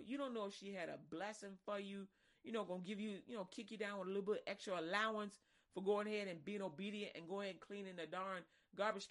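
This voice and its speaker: A woman preaching in a loose, conversational style, animated and acting out little scenes as she talks. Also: medium pitch. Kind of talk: casual sermon.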